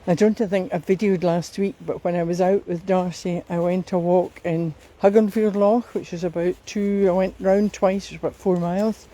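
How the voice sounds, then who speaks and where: A woman with a Scottish accent chatting while out walking in a riverside park, unhurried and a little out of breath. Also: on the low side, steady tone, warm tone, rough recording. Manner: chatty, unhurried, talks to her dogs. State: slightly out of breath. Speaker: vlogger. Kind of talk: casual walking commentary.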